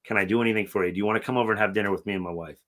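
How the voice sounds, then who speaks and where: Man, middle-aged, bright tone, casual podcast chat, heavy swearing, loud acted-out quotes. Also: fairly low pitch, fairly even intonation, rapid-fire. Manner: swearing often, acting out quotes loudly. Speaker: podcast co-host. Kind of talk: emotional casual conversation.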